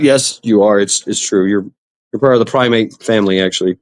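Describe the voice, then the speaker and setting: A man's voice: on the low side, steady tone, moderate pace, darkish tone, no room sound. A man hosting a casual livestream, rambling and swearing as he greets chat viewers. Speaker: livestream host. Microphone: computer mic for online stream.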